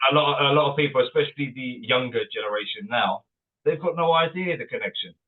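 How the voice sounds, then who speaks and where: English guest over a tinny line. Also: male voice, medium pitch, fast. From England. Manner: earnest and conversational, repeats words. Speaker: band member guest. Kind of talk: casual interview chat.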